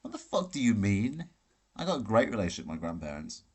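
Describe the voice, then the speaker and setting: A man's voice: fairly low pitch, very animated, quick pace, darkish tone, husky. A man hosting a live Q&A stream from a hotel room, answering chat questions in a brash, profane, ranting way. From Britain. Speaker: livestream host.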